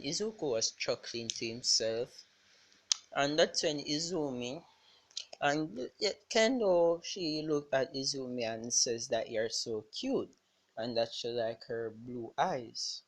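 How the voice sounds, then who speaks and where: Slow, rambling fan-story teller. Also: mid-range voice. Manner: rambling and halting, with many "like" fillers and restarts. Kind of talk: improvised fan-fiction retelling.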